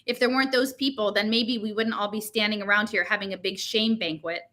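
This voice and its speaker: A woman's voice: medium pitch, fairly even intonation, fairly quick, bright, forceful tone, close to an everyday voice. A woman reading aloud and voicing a bossy teenage girl who talks sarcastically and condescendingly. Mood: snide.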